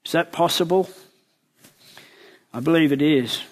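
Guy preaching, takes his time, pitch a bit on the high side, keeps asking the congregation stuff. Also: unhurried. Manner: asks the listeners questions, retells the story vividly. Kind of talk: sermon with Bible storytelling.

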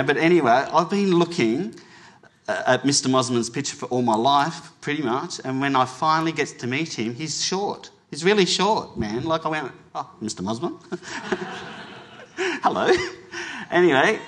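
Australian man telling a lively story. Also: mid-range voice. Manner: lively storyteller who acts out both sides of conversations; self-deprecating, laughs at his own jokes. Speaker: chef giving a testimony talk. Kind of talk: anecdotal storytelling to an audience.

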